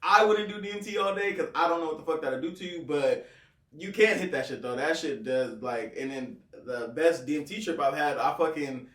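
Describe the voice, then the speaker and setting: A young man from California talks loosely in an interview, full of slang and swearing. His voice sits a little high for a man. He is picked up from a distance in a roomy, echoing space. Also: fairly quick, a bit bright. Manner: laid-back slangy storytelling, swearing. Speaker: rapper guest. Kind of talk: casual interview chat. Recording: roomy, off-mic distant sound.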